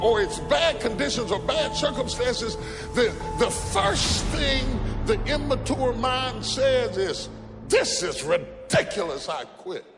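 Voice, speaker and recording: A man giving a personal motivational talk in a dramatic voice that swings between quiet and loud. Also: very high-pitched. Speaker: motivational speaker. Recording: music underneath.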